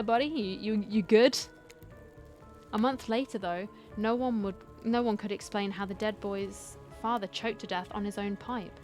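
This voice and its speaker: A woman streamer reading a dating sim story aloud, with dramatic storytelling and wry asides. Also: mid-range voice. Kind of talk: reading game text aloud with commentary.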